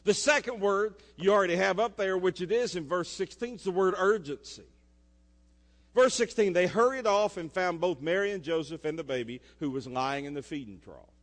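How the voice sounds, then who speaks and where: A man preaches a sermon in a slightly high voice. He swings between forceful emphasis and quiet, intimate asides. His words ring with the long echo of a church sanctuary. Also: moderate pace. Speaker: pastor. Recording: echoey church hall.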